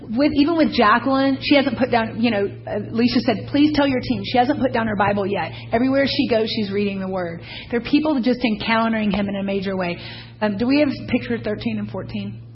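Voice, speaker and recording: A woman's voice: a little high, fairly quick, lo-fi sound. A woman, leading a church mission team and sharing enthusiastic, rambling testimony with a congregation.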